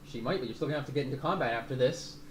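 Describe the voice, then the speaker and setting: A man's voice: mid-range voice, rapid-fire, a little hiss or hum. A man running a tabletop game as game master, rambling through the rules and swearing casually. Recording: roomy room sound.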